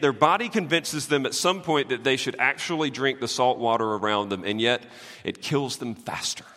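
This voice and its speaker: A pastor preaches in a high, lively voice that climbs and drops sharply between loud and hushed. His tone is bright and forceful, with jokey asides. The sound carries a long reverb from the church hall. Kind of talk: sermon.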